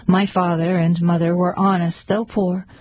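A woman's voice: fairly low pitch, level tone, moderate pace, darkish tone, no echo, lightly acted, poor audio. A woman reading verse aloud, voicing a mild, tearful male baker telling his woeful story. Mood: mournful. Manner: mournful, pleading.

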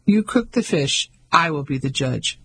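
A man's voice: on the high side, expressive, measured pace, a bit bright, slight background noise. A man voicing a bold, flirtatious French fisherman in an audiobook. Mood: teasing. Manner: teasing, boisterous.

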